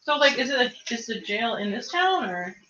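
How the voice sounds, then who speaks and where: Woman playing a tabletop game, laughs a lot, slightly high voice, dull lo-fi sound. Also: sing-song, fairly quick, sharp tone, echoey room. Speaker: player. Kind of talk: casual tabletop game chat.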